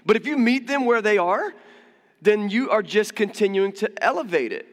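Conversational pastor in an echoing hall. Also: male voice, high voice, lively intonation, moderate pace. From United States. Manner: conversational, humorous, with frequent asides and restarts. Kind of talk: sermon.

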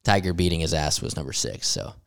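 A man's voice: very deep voice, very animated, fairly quick, gravelly. A young man co-hosting a casual podcast chat, swearing freely and laughing through his banter. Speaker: podcast co-host.

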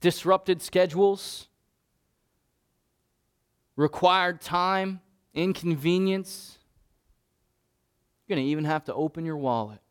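A man's voice: high voice, slow, pauses often, clear, resonant tone. A man preaching a sermon as pastor, in an earnest, conversational way with frequent restarts.

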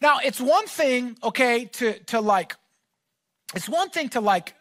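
A man preaching a sermon as pastor, talking in a casual, animated way that rises to shouts. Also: extremely high pitch, unhurried, no echo.

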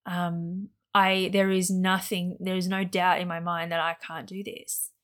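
A woman's voice: lowish voice, little pitch movement, unhurried. Pregnant lady on a podcast, earnest and rambly, kinda emotional, just chatting casually. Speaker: podcast co-host. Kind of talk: casual chat.

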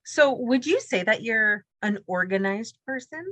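A woman's voice: on the high side, expressive, a little slow, dry recording. A woman hosting a podcast interview, asking questions and encouraging her guest. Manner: warm, encouraging, affirming. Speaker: podcast host. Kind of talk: interview conversation.

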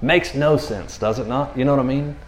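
A man's voice: mid-range voice, brisk, echoey room. A man preaching a casual sermon in a loose, conversational way, laughing often and checking in with his listeners. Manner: conversational, animated, laughs often, keeps saying "you know what I mean".

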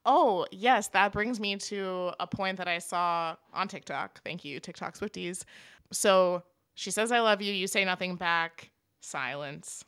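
A woman's voice: on the low side, a little slow, smooth, no echo, studio quality. A young woman co-hosting a podcast, chatting casually and enthusiastically as a fan. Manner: enthusiastic, expressive fan talk. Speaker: podcast co-host. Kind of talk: casual chat.

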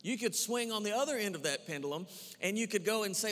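A man preaching and praying as campus pastor in a church, earnest and repetitive, often pausing with "uh" and restarting his phrases. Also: sits high, animated, a bit bright. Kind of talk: sermon and prayer. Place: church sanctuary. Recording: long church hall reverb.

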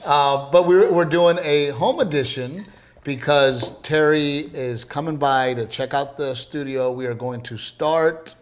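Animated man telling stories on a podcast. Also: a little slow. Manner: animated storyteller, acts out quotes with big pitch jumps. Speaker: podcast co-host. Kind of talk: casual chat.

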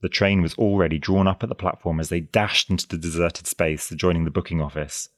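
A man with a very low voice reads a period adventure story aloud at a measured, even pace. The sound is close and dry, with no room around it. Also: no room sound. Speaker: audiobook narrator. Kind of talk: scripted narration.

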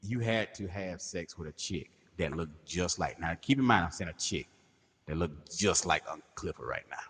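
A man's voice: sits low, animated, moderate pace, slightly rough, in a large hall. A man co-hosting a podcast, riffing on crude hypotheticals in slangy casual banter. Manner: riffs on absurd hypotheticals, slangy and loud. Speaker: podcast co-host.

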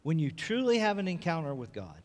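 A man with a fairly high voice preaches a sermon from the pulpit of a church. He tells a story at an easy pace, then builds to fervent, repeated cries. His voice rings with the long reverb of a large church hall. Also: sing-song, fairly quick, darkish tone. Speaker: pastor.

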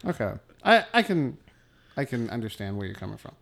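Male co-host, gravelly fry, halting delivery, casual. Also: medium pitch, sing-song, fairly bright tone. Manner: hesitant, searching for words. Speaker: podcast co-host. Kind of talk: casual chat.

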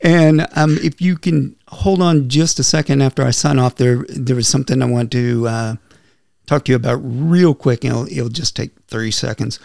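A man's voice: medium pitch, fairly even intonation, normal speed, gravelly, a little mellow, no room sound, clean studio sound. A man hosting a casual podcast, friendly and chatty as he leads the questions. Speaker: podcast host.

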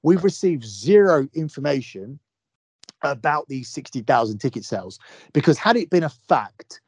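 A man's voice: medium pitch, big pitch swings, moderate pace, a little mellow, breathy edge, dry recording. A young man, a podcast guest, talking heatedly, swearing and repeating phrases for force. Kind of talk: heated casual chat.

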